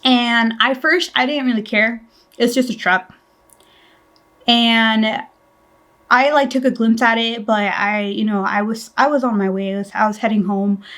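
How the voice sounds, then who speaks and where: A woman's voice: fairly high pitch, fairly even intonation, measured pace, fairly bright tone. Chatty young woman telling a story. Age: 20s. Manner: chatty, full of "like" and restarts, swears casually. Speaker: vlogger. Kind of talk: casual storytime narration.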